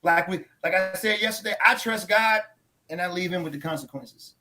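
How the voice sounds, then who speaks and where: A man with a fairly high voice and a bright, forceful edge. He talks about faith after a sermon, emphatic and preacherly, and he often repeats his key lines for weight. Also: a little fast. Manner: trains others in tone and inflection. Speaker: church leader on a post-sermon talk show. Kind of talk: casual faith discussion.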